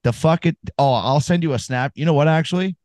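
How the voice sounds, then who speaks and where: A man's voice: a little high, fairly quick, a little mellow, dry recording. A man co-hosting a casual sports podcast, telling rambling, profane stories and giving fight picks. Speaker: podcast co-host.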